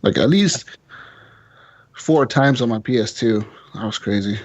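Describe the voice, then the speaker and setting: A man hosting a casual gaming podcast, cursing freely, laughing often and telling stories with animated energy. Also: mid-range voice, unhurried. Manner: profane, laughing, animated storytelling. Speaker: podcast host. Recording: slightly dull lo-fi audio.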